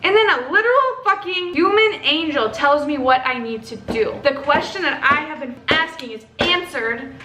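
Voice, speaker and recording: A young woman from Texas telling a story to camera in a casual, animated way, swearing and acting out what others said. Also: high-pitched, moderate pace, few pauses. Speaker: vlogger. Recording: echoey room with faint ambient noise.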